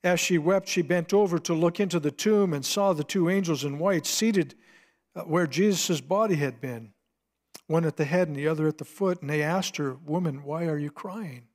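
A man preaching a sermon, retelling a scripture scene dramatically, swinging between hushed and emphatic delivery. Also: on the high side, normal speed. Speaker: pastor.

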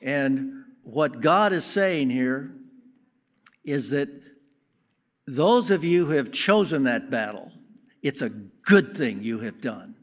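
A man preaching a sermon in a slow, deliberate way with strong emphasis on key words. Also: medium pitch, expressive. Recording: long reverb of a large hall.

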